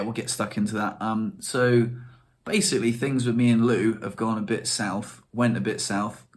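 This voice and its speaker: A young man, chatting casually to camera in a rambling, self-deprecating way. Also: medium pitch. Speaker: vlogger.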